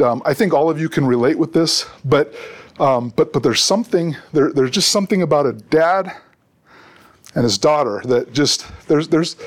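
A middle-aged man preaching a sermon as a pastor, earnest and often repeating words as he restarts. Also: a little high.

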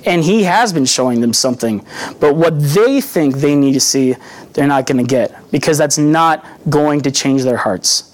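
A young man delivers a sermon in a slightly higher-pitched voice. He keeps it earnest and conversational, teaching more than proclaiming, and slips into little acted-out quotes along the way. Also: moderate pace. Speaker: preacher.

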